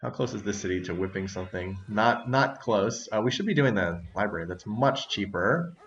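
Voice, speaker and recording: Low-voiced male gameplay host, chatty and quick to laugh, muffled lo-fi mic, mouse clicks behind. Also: lively intonation, a bit bright. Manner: chatty, laughs often, thinks aloud. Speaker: let's-play host. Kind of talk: casual gameplay commentary.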